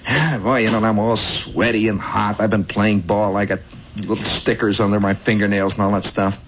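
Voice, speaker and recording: A man hosting a radio show, telling a long improvised story with many asides, shifting between hushed and excited, on an old lo-fi recording. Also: on the low side, moderate pace, noisy background. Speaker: radio host. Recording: dull lo-fi 1960s radio.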